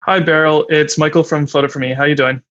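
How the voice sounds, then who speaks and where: A man's voice: on the high side, steady tone, fast, fairly bright tone, highs cut off. A man co-hosting a casual podcast, hesitant and full of ums and restarts. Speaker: podcast co-host.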